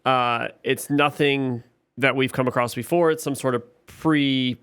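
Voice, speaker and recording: A man with a smooth, resonant voice walks through a TV episode scene by scene in relaxed podcast chat. He is recorded close up on a dry mic with no room sound. He gets louder and more animated when something frustrates him. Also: mid-range voice, a little slow, no room sound. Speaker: podcast co-host. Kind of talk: casual show recap chat.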